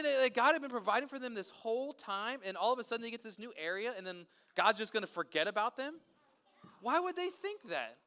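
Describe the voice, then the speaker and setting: A man leading a children's service outdoors, telling a Bible story and quizzing the kids. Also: very high-pitched. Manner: animated, asks kids questions. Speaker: children's pastor. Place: outdoors in a park.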